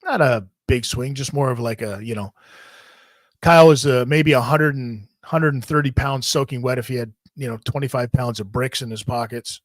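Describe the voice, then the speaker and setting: A man in the middle of his range tells a wild story in a loose, rambling way, swearing freely and getting animated. His voice sits close and dry, with no room around it. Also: medium pitch, normal speed, no echo. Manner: rambling, profane, animated retelling. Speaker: podcast host. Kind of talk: casual storytelling.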